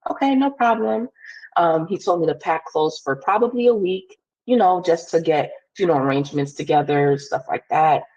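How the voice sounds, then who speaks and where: A woman's voice: low voice, a little mellow, husky, lo-fi sound. A young woman, a podcast guest candidly telling a personal story and acting out the things people said. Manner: candid, quick, acts out quoted dialogue.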